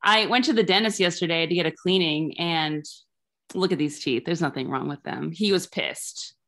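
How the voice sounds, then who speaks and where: A woman in her thirties doing a rambling, deadpan stand-up set over Zoom. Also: low-pitched, moderate pace. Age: 30s. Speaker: stand-up comedian.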